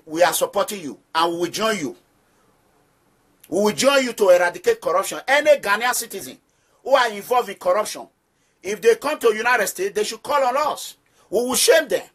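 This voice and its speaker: His voice sits high and a bit bright, carrying a Nigerian accent. Leading an activist movement, he gives emphatic political commentary directly to his listeners in a preaching manner, repeating phrases for stress.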